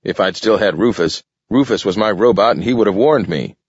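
A man's voice: on the low side, a little fast, slightly rough, dry recording, highs cut off. Man doing an indignant raccoon. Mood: defensive. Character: scrappy male raccoon, indignant and chatty.

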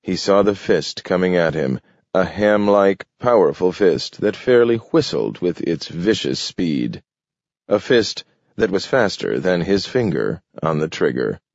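Slow, deep-voiced male narrator. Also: sing-song, darkish tone, no echo, dull audio. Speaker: audiobook narrator. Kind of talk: scripted narration.

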